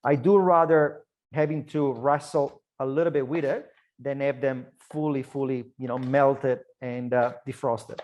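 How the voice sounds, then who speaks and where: A man's voice: medium pitch, fairly even intonation, unhurried, dull audio. A man with an Italian accent, a chef chatting his way through an online cooking class, loose and talkative with frequent restarts. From Italy. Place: kitchen.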